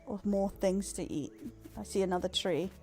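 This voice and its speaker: A woman's voice: medium pitch, normal speed, darkish tone, soft background music. An Australian woman giving casual, joking live-stream commentary while she plays a game, laughing often.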